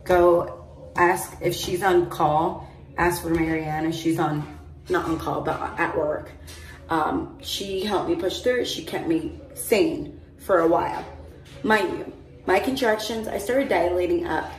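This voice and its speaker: A woman's voice: fairly low pitch, unhurried. Chatty woman vlogging on a distant phone. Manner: chatty, rambling, frequent "like" and "mind you". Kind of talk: casual storytelling to camera. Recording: roomy echo, phone held at a distance.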